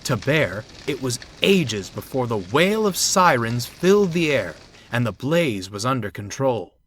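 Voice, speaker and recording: A man narrating a train story in a measured, expressive reading voice. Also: medium pitch. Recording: music under the narration.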